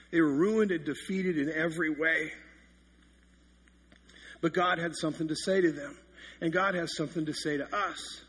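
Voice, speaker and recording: A man's voice: fairly high pitch, fairly bright tone, slightly rough. A man in his thirties, a pastor giving a sermon that opens with funny, self-mocking stories. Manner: self-deprecating storytelling with comic exaggeration.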